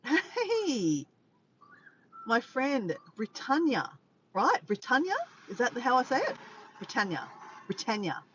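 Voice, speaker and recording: Her voice is high-pitched and fairly bright, swinging hugely in pitch at a measured pace. This tired Australian vlogger talks from her car to a live audience, rambling, calling out viewers by name and correcting herself, with dull lo-fi audio and faint noise behind her.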